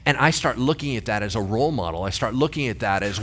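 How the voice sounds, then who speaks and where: A man's voice: mid-range voice, very animated, fast talker, hardly any pauses, a bit bright. A pastor in his forties preaching a sermon in a church, talking in a joking, conversational way and throwing questions to the congregation. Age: 40s.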